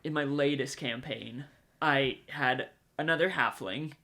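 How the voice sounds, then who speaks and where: A man's voice: medium pitch, measured pace, sharp tone. A man hosting a podcast, chatting casually and laughing often. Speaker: podcast host. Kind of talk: casual chat.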